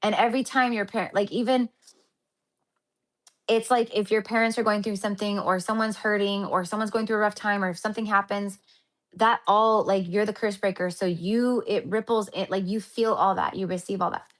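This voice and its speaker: A woman's voice: medium pitch, fairly even intonation, a little fast. A woman hosting a spiritual healing livestream, chatting casually and affectionately with viewers, calling them honey and my love, rambling with many fillers and restarts.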